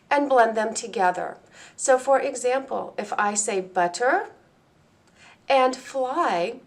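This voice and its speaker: A woman presenting a training lesson for teachers, speaking clearly and deliberately and slowing down to model words and sounds. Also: mid-range voice. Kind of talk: instructional presentation.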